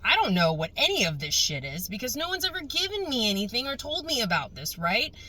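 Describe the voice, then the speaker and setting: A young woman vlogger telling a casual storytime rant, animated and exasperated, swearing freely. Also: on the high side, fairly quick, rough recording.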